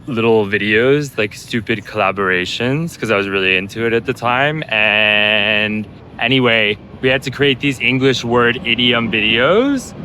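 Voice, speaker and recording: A man telling stories on a travel vlog, chatty and animated, laughing as he talks, while out on a city trip. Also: medium pitch, measured pace, a little hiss or hum. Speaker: travel vlogger. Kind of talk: casual travel vlog chat. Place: outdoors and in a restaurant on a city trip.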